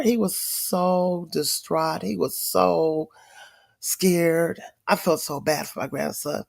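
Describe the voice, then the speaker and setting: A middle-aged grandmother livestreaming to her viewers, telling a story in an animated, emphatic way with lots of swearing. She is sick with a cold, wheezing and tired. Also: fairly low pitch, slow pace, gravelly, no room sound. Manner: profane, emphatic, addresses viewers directly. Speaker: livestream host.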